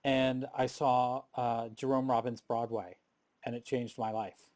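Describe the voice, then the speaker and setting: A man's voice: mid-range voice, measured pace. A middle-aged man speaks on a live panel and recounts his career in an easygoing, chatty way. He often restarts his sentences, and his voice sits in a plain middle register. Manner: animated storyteller, frequent restarts. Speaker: panel guest, performer. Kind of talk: casual storytelling on a panel.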